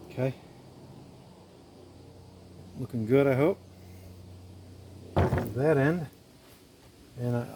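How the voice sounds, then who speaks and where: A warm, medium-pitched male voice comes through with a little hiss or hum. The woodworker and video host gives casual narration in his woodshop, thinking aloud and explaining each step as he works.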